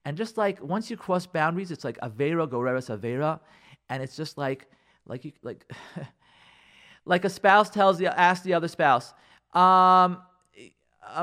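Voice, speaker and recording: A man with a fairly high voice talks on a radio show as a rabbi. His marriage advice comes out emphatic and animated, and he acts out what husbands and wives say to each other, with Hebrew and Yiddish words mixed in. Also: fairly quick.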